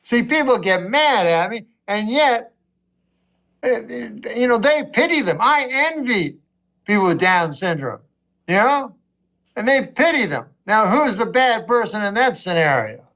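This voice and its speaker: A man with a noticeably high voice works through a stand-up set. His delivery rambles and wanders, full of long pauses and restarts as he circles around each thought. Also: big pitch swings, a bit bright. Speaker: stand-up comedian.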